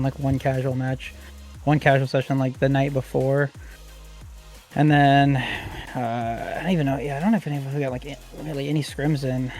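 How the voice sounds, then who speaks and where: A man's voice: on the high side, darkish tone. Hesitant young-sounding man, talking shop. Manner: hesitant, many fillers and restarts. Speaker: competitive player guest. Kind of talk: casual podcast chat.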